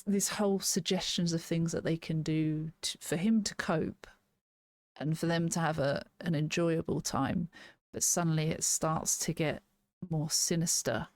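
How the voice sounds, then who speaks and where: Woman, low voice, casual album review, thinks aloud, dry close sound. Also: a little mellow, dry recording. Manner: thinking aloud, restarts sentences, laughs. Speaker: music reaction host.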